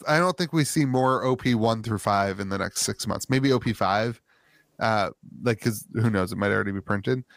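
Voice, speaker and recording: A man's voice: lowish voice, vocal fry, dry recording, studio quality. A man co-hosting a podcast who asks questions and steers a casual chat. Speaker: podcast co-host.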